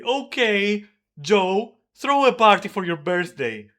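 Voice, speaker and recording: Male streamer, high bright voice, angry profane venting. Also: sing-song, slow pace. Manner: heated, profane, yelling at times. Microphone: desk microphone.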